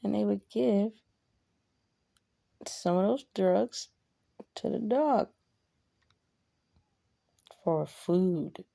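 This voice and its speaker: A woman with a gravelly, dark voice tells a personal story in a slow, unhurried way. She talks bluntly and swears freely, breaking into emphatic bursts. The sound is dry and close. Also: mid-range voice, lively intonation, no room sound. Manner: blunt and profane, with emphatic outbursts. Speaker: vlogger telling a personal story. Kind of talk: casual storytelling.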